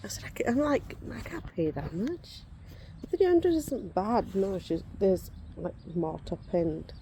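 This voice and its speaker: A woman in her forties chats outdoors in an unhurried, rambling way, stopping now and then to wave off insects. Her voice is warm and soft-edged, and birds and faint outdoor ambience sit behind her. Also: medium pitch, expressive, slight background noise. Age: 40s. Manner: rambling, chatty, breaks off to shoo insects. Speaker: vlogger showing reborn dolls. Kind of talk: casual chat. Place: outdoors in the sun.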